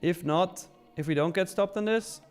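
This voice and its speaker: A man's voice: high voice, normal speed, clear, resonant tone, soft background music. A man hosting a live trading stream, talking casually and joking as he reads out chat messages.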